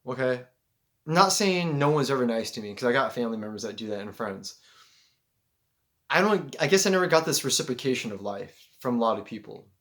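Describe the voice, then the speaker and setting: A young man from Seattle telling a rambling spiritual story to his vlog, excitable and animated, peppered with "like" and swearing. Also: medium pitch. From Seattle, USA. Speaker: vlogger.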